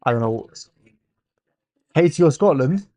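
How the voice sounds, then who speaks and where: A young man with an English accent hosting a casual football watchalong stream, teasing viewers and thinking out loud. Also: a little high, expressive, slow pace, dry recording.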